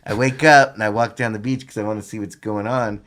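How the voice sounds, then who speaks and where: A middle-aged man telling animated, laughing stories as a podcast guest. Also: fairly low pitch, fast talker. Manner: animated, laughing storyteller with lots of "I'm like". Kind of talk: casual storytelling.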